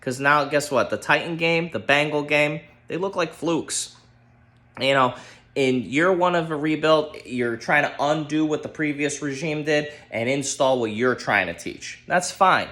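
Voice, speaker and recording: A man ranting about his football team, heated and profane, exasperated, shouting at times. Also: on the high side, measured pace. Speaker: sports fan ranting on his channel. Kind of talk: angry solo sports rant.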